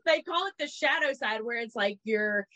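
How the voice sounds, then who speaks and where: Animated gossiping woman, higher voice. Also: normal speed, no room sound, poor audio. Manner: animated, swearing, acts out quotes in voices. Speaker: podcast co-host. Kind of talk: casual gossip chat.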